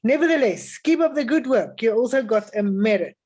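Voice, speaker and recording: A woman adjudicating a music festival, giving calm, encouraging spoken feedback to young string players with frequent "um" pauses. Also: fairly high pitch.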